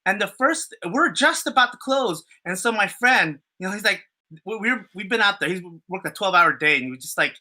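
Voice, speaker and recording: A man chatting on a podcast, spinning a story in loose, rambling fashion. His voice is very bright, and he swears freely and leans on fillers and restarts. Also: high-pitched, expressive, a little fast. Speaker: podcast co-host. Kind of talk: casual storytelling chat.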